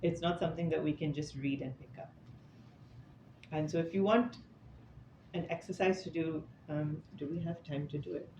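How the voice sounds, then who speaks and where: A man's voice: on the high side, steady tone, normal speed, long pauses. A man giving an informal scripture talk, telling stories in a chatty, conversational way with casual asides. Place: indoor talk room with an audience. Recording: echoey, slightly dull room recording with faint noise.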